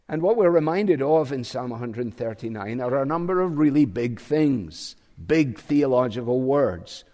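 A male preacher delivering a sermon in a slow, deliberate way, pausing often to reflect. His voice sits at an ordinary pitch for a man, and it carries a long reverb from a large hall. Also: warm tone.

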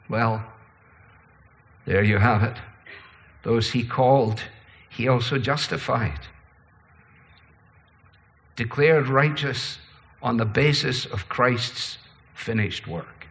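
A man preaching a sermon, shifting between slow, low passages and quicker, higher ones. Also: fairly bright tone, long reverb tail. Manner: preaching with sweeping pitch and pace changes. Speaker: pastor.

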